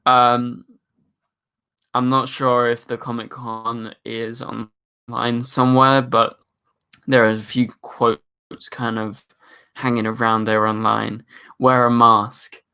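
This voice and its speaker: A young man talks casually on a live stream, reading out viewer comments and joking with his chat. His voice is bright and forward, at an ordinary male pitch. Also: flat delivery, takes it slowly, pauses often, clear, resonant tone. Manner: chatty, reads viewer comments aloud and jokes around.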